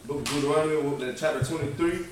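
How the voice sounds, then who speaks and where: A man's voice: fairly high pitch, racing. Distant man in a very echoey room. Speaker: student in a scripture study. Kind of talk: answering and reading scripture aloud. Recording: distant, very echoey, faint noise.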